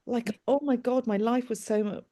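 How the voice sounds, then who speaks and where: Woman, medium, live reading, earnest, halting, repetitive, animated. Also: a little high. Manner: halting and repetitive, relaying messages with restarts and "he's like"; earnest and animated, breaking into laughs. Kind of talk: live mediumship reading over a video call.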